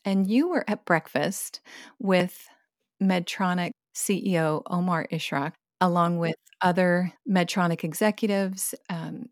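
Low-voiced woman, guest storyteller, vivid and expressive, dry close sound. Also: dry recording. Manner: vivid, expressive retelling with bursts of laughter. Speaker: guest sharing her experience. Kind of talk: personal storytelling in conversation.

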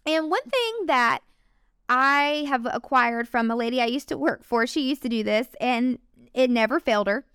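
Young woman w a high voice telling her faith story, earnest and emotional, dry close sound. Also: expressive, normal speed, fairly bright tone, clean tone, dry recording. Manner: earnest, emotional, speaks straight to viewers. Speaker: faith vlogger. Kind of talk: personal testimony talk.

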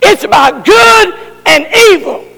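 A fervent preacher delivers his sermon in a very high, gravelly voice, stretching his words out slowly. He shouts for emphasis, and a long echo trails through the church hall. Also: lively intonation.

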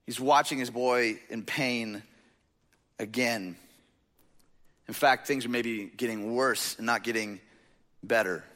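In an echoing hall, the preacher talks to his listeners casually, asking them rhetorical questions and frequently dropping in "like". His voice is a little high and comes across pushed and bright.

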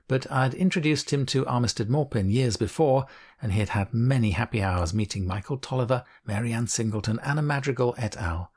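Husky low-voiced man narrating memoir. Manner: quiet, reflective, wistful. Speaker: author and narrator. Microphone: studio mic.

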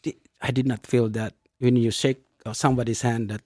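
A man telling a personal story in casual talk, halting and restarting often and speaking English as a non-native speaker. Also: no echo, clean studio sound. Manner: halting, with many restarts and fillers; acts out quoted dialogue with lively jumps in pitch. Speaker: storyteller in a conversation.

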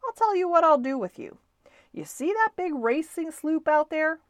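A woman plays a gruff, blustery man from a storybook who bellows his words with emphasis and a lively voice. He sounds firm and decided. The sound is dry and close. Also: high-pitched, moderate pace, no room sound, pitched above the performer's own voice. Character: gruff grown man, toy schooner owner. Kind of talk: storybook reading.

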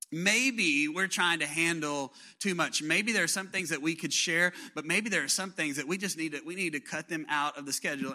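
A man, preaching a sermon as pastor in a conversational way that rises to animated bursts. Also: a little high.

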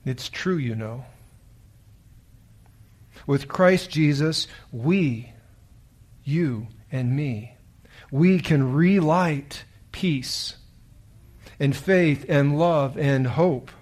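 Solemn, slow man telling a sermon story. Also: mid-range voice, darkish tone. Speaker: preacher. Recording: very echoey room, distant mic.

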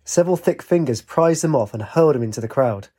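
A man's voice: medium pitch, fast, breathy edge. A man narrating a story aloud, changing his voice for the characters' dialogue. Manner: lively, puts on voices for dialogue. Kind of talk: audiobook reading with character voices.

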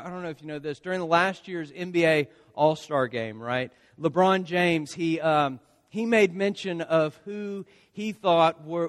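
A man with a somewhat high voice delivers a sermon in a relaxed, conversational way. He keeps checking in with his listeners by asking "right?" His voice carries a long reverb from a large hall. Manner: conversational, often tags lines with "right?". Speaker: pastor.

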